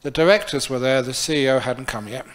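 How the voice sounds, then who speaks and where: A man's voice: mid-range voice, fairly quick, fairly bright tone. A man, a Buddhist monk teacher, giving a dharma talk and telling stories in a chatty, playful way. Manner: chatty, playful, laughs often. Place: temple hall.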